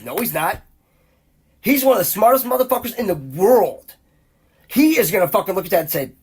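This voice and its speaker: His voice is high, animated, and slightly rough, moving at normal speed. Hosting a podcast, he launches into a profanity-laced, meandering tirade, restarting often and firing off repeated exclamations that climb higher.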